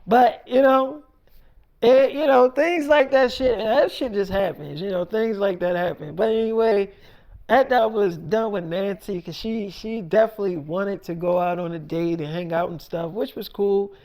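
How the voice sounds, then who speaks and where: A man's voice: sits high, moderate pace, darkish tone. A young man telling a casual, rambling story, full of fillers.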